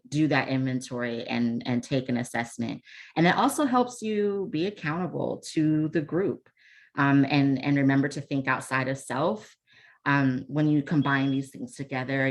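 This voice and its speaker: A woman with a strikingly low voice presents a leadership webinar over a video call. Her delivery is casual and chatty, full of ums and restarts, with self-deprecating asides. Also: creaky. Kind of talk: casual online workshop talk.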